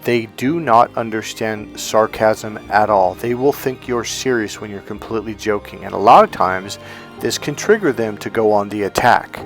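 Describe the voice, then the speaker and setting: A man's voice: on the low side, moderate pace. Chatty man telling stories over faint music. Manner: chatty, animated storytelling with acted-out quotes. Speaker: self-help coach. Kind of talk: casual talking-head advice.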